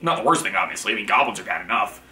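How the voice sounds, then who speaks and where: A man's voice: lowish voice, lively intonation, rapid-fire, bright, forceful tone, slight background noise. A man hosting his own channel, talking through a casual monologue in a rambling, frank way that keeps correcting itself. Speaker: channel host. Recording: echoey room.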